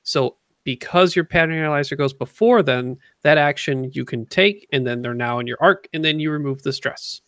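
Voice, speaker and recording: A man with a gravelly, fairly high voice co-hosts a casual livestream and explains game rules step by step. He reads viewer questions aloud. The sound is dry and close. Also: moderate pace, few pauses, fairly bright tone, no echo. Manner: explains game rules in detail, corrects others. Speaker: co-host reading questions.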